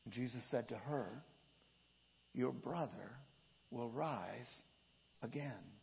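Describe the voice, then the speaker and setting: A man's voice: medium pitch, gravelly, breathy edge. A man preaching a sermon, reading scripture aloud with his own dramatic inflection. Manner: reads scripture with dramatic inflection, slow and emphatic. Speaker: pastor. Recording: dull echoey hall.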